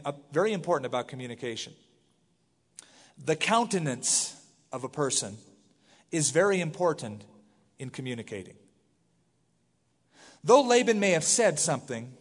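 Higher-pitched man preaching in a reverberant sanctuary. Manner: conversational, animated, reads scripture aloud with asides. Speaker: pastor. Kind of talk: verse-by-verse sermon. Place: church sanctuary. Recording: long hall reverb from the sanctuary.

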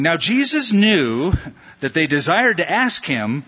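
Lively, conversational male pastor preaching. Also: a little high, slow, breathy edge, in a large hall, muffled recording. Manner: conversational, acts out disciples' lines with playful put-on voices. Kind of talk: expository sermon.

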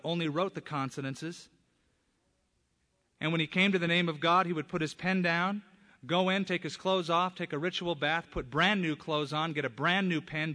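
A man preaches with a slightly raised, emphatic voice, pressing hard on key words. His sermon carries a long reverb from a large church hall. He speaks as a pastor from the pulpit. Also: on the high side. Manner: emphatic, rising to loud stresses on key words.

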